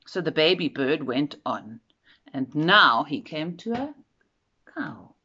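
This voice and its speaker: Woman storyteller for a kids' picture book, unhurried and expressive, muffled low-fi sound. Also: breathy edge. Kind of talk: children's storybook read-aloud. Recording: dull lo-fi recording.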